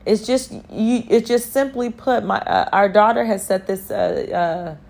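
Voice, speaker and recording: Slow, gentle woman giving spiritual reassurance. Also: medium pitch, creaky. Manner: gentle, repetitive, reassuring affirmations; speaks directly to the listener, asking if they follow. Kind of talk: spiritual encouragement talk.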